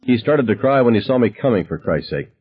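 A man voicing a stern, short-tempered father who speaks curtly and with scorn, in an audiobook reading with a husky voice. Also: medium pitch, lively intonation, lo-fi sound. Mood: scornful. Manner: curt, scornful, deliberate.

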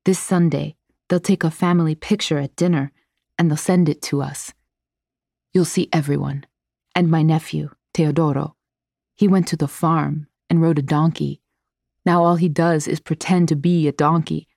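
A woman reading the part of a cheerful, talkative young man from Mexico in simple, warm phrases. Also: low-pitched, fairly even intonation, moderate pace, gravelly, no room sound, clean studio sound. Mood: chatty.

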